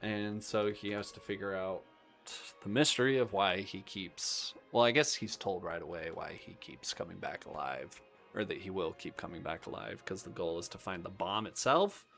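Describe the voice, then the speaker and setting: A man's voice: low voice, normal speed, fairly bright tone, soft background music. A young man hosting a live stream, chatting casually about movies in a rambling way, with lots of ums and half-finished thoughts. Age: young adult.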